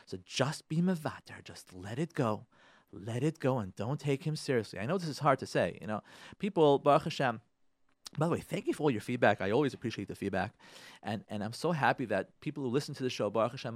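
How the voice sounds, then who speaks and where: A man hosting a radio talk show on marriage, speaking in an animated way, often repeating himself and sometimes acting out arguing spouses. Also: a little high, no echo, clean studio sound. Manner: animated, acts out quarrelling spouses in a raised voice; repeats and restarts words, uses Hebrew religious terms.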